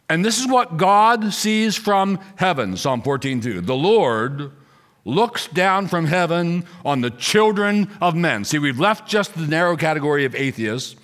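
A man's voice: medium pitch, a bit bright. Guy preaching a sermon, super emphatic, keeps asking questions, voice swings up and down a lot. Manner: emphatic, rhetorical questions, slows for scripture. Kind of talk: expository sermon.

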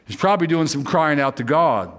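A man's voice: on the high side, animated, brisk, fairly bright tone. Earnest, fervent male preacher. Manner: earnest preaching, rising to fervent pleas in quoted prayers; repeats and restarts words while preaching. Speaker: pastor. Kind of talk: sermon.

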